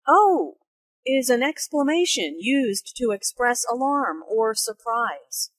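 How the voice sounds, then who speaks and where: A woman narrating a scripted English lesson, explaining phrases slowly and carefully. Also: on the high side, a bit bright, no room sound. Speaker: English teacher.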